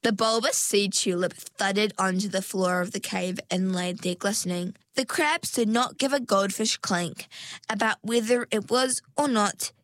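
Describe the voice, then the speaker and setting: A woman reading a children's story aloud in a measured storytelling manner. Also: mid-range voice, fairly bright tone, no room sound. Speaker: narrator.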